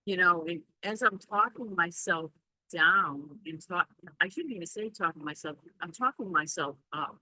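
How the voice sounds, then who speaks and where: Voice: mid-range voice, moderate pace, bright, forceful tone, no room sound, poor audio. A Reiki practitioner talking casually in a spiritual vlog, rambling and reflective as they reassure themselves aloud.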